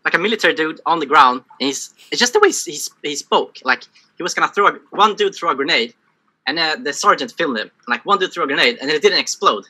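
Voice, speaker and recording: A man rambles quickly through a casual podcast chat, with a lively, bouncing pitch. His voice is bright and sharp. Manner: rambling, full of "like" and restarts. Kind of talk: casual discussion.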